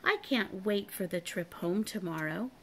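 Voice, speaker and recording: A woman's voice: expressive, measured pace, a little hiss or hum. A woman reading a storybook aloud, voicing a cheerful, brave little boy in a lifted, eager voice. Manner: bright and eager, lifted pitch.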